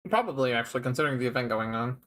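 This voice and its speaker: A man's voice: medium pitch, racing, soft background music. A man streaming a farming game with a friend, talking casually with frequent laughs and restarts. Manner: relaxed, laughs often, trailing restarts. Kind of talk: casual co-op gameplay chat.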